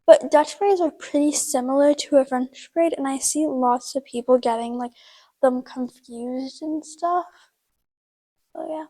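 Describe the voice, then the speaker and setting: A woman's voice: high voice, steady tone, unhurried, warm tone, low-quality recording. A woman hosting a horse-care video at a barn, explaining a braid in a chatty, casual way with lots of fillers while she works. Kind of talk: casual how-to demonstration.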